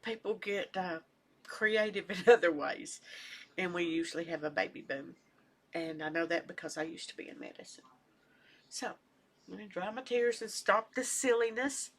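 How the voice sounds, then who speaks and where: An older woman chatting casually at home as a knitting vlogger, rambling and soft-spoken, sometimes trailing off into near-whispers. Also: fairly low pitch, normal speed. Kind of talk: casual chat.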